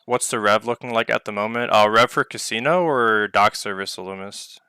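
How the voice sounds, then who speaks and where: A man's voice: fairly low pitch, a little fast, sharp tone, clean tone, no echo, clean studio sound. A man hosting a casual live Q&A over online voice chat, rambling with lots of filler words. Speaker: project owner hosting a community Q&A. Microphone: online voice chat mic.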